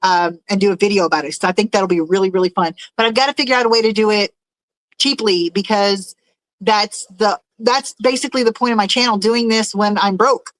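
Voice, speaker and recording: A woman's voice: mid-range voice, fairly even intonation, brisk, no echo, low-quality recording. Rambling, chatty woman hosting a livestream. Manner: rambling and chatty, with frequent fillers and laughs. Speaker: livestream host reading chat. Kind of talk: casual livestream chat. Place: at home in a room with fish tanks.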